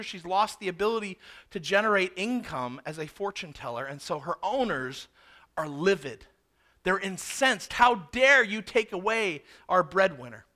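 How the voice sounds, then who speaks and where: A man preaching a sermon, expressive, swinging from loud emphasis to hushed low words. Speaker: pastor.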